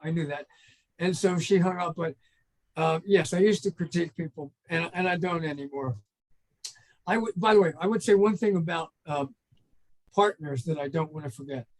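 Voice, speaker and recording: A man's voice: a little high, moderate pace, darkish tone, poor audio. An older man, a trainer and consultant, guesting on an interview and telling rambling stories that act out phone calls. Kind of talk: casual storytelling in an interview.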